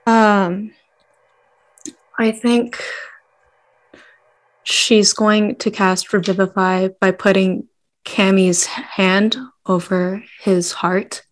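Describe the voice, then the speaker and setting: Slow, flat-voiced woman player. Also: mid-range voice, low-quality recording. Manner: hesitant, thinks aloud with fillers. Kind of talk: casual game talk.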